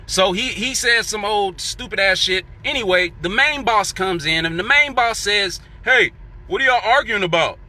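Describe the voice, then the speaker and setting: This man's voice sits high and sounds bright and forceful as he talks at a normal pace, animated. He's swearing his way through a heated workplace tale, voicing himself and quoted coworkers.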